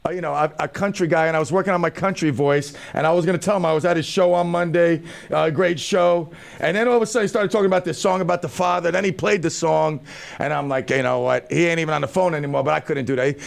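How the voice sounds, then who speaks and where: Radio host type: gravelly, a bit high-pitched man with playful, self-mocking chatter. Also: fast talker. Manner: joking, self-mocking banter. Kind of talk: casual radio talk. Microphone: studio microphone.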